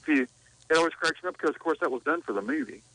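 A man's voice: on the high side, lively intonation, bright, forceful tone, no room sound, low-quality recording. A man, calling in to a radio show and telling stories fluently. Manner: storytelling, quick, fluent. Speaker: caller. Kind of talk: phone-in call.

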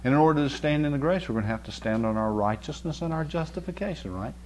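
Here a pastor delivers a sermon as folksy storytelling about something homely, often checking with the congregation with "right?" and pushing his emphasis upward. He talks fast with a fairly high, slightly mellow voice and lively intonation, over a faint hiss or hum.

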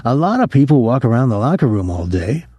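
A man's voice: medium pitch, sing-song, brisk, dark tone, husky, no echo. A man doing a defensive young attendant. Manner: curt, bitter, defensive. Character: defensive young male locker-room attendant.

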